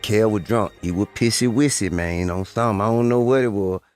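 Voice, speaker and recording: A man's voice: on the low side, fairly quick, a little mellow. A man casually telling a story in a laid-back way, imitating a drunk friend. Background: faint music.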